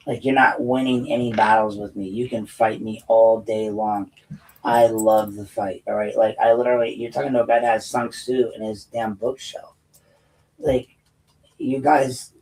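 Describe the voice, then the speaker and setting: Fairly low-pitched with vocal fry and a slightly mellow quality, this American host and political commentator rants bluntly and profanely at his viewers off the cuff, often restarting. The mic is distant and the audio poor.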